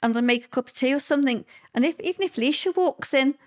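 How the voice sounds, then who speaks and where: An older woman, a guest recalling hard times in a halting, emotional way with many fillers. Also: high-pitched. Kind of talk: personal interview recollection.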